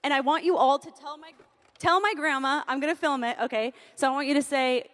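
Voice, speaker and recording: Young woman, high voice, playful, joking with the audience, stage talk. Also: steady tone, fairly quick, a bit bright, in a large hall. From Southern California. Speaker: conference speaker. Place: large hall on stage.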